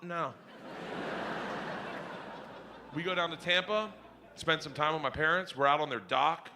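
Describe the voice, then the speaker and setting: A man doing stand-up, telling a story loudly and animatedly, shouting punchlines and hooting. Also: on the high side, a little hiss or hum. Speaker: stand-up comedian. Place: comedy stage before a live audience.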